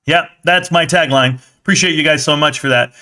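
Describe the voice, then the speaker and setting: A man's voice: fairly high pitch, a little fast, bright, forceful tone. A young man hosting a live stream, rambling loosely and swearing casually.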